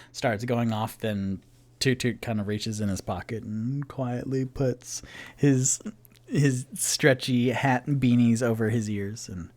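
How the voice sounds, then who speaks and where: A man casually narrating a solo tabletop game as game master, playful and chatty, laughing at his own rolls. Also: mid-range voice.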